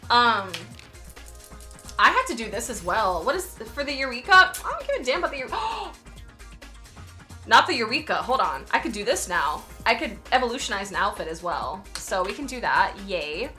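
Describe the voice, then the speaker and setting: A woman's voice: on the high side, sing-song, normal speed, sharp tone, faint music behind. A young woman streamer chatting casually with her viewers, often laughing and apologizing as she reads chat.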